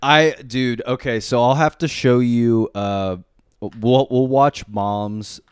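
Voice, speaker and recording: Speaking slowly in a smooth, mid-range voice with fairly even intonation, a young man co-hosts a podcast from a living room. The studio mic yields clean, echo-free sound as he rambles through casual chat, heavy on fillers and swearing.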